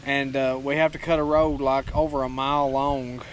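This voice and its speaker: A man vlogging outdoors, excitable and coaxing, laughing often as he feeds his pig. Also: mid-range voice, normal speed. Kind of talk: casual outdoor vlog chatter. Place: outdoors on a rural homestead. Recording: loud outdoor noise.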